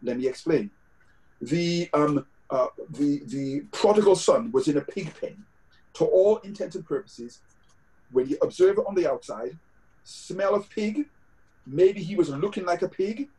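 A man's voice: on the high side, animated, unhurried, mellow, low-quality recording. A man with a British accent preaching a sermon over a video call, conversational, with scripture quotes and fillers. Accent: British English.

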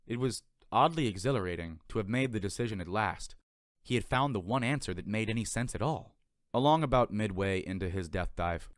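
A man narrating an audiobook in a measured, expressive reading, recorded by himself. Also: on the low side, dry recording, studio quality. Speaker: audiobook reader. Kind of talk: scripted narration. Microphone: home recording.

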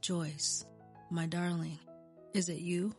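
A woman's voice: on the low side, animated, fairly quick, faint music behind, natural voice. A woman voicing a sick, confused homeless man who mumbles weakly in a storybook reading. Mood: weak whisper. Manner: mumbling, weak.

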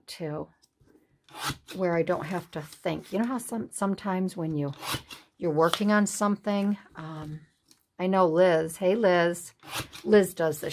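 A woman's voice: on the low side, a little hiss or hum. A middle-aged woman hosting a craft video, chatting casually in a rambling, folksy way while she works in her craft room.

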